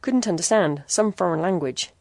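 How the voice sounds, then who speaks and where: A woman voicing a nervous, excitable male chemist who talks in urgent bursts. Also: on the low side, moderate pace, no echo. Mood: urgent excited. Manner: jittery, urgent.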